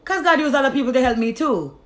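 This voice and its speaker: Emphatic, lively woman telling her testimony. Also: quick pace. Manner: emphatic and profane, acts out conversations with God in lower tones. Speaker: storyteller sharing her testimony. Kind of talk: casual monologue to an audience.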